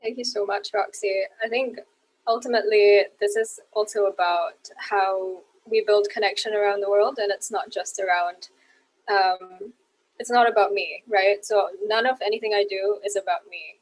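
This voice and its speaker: Woman from the philippines giving a keynote over a video call, calm and measured. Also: mid-range voice, poor audio. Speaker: keynote speaker. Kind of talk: prepared talk.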